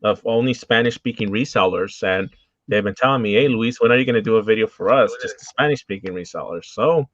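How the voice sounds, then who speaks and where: A man chatting casually on a live stream, relaxed and quick to laugh. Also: on the low side, no room sound. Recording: dull lo-fi call audio.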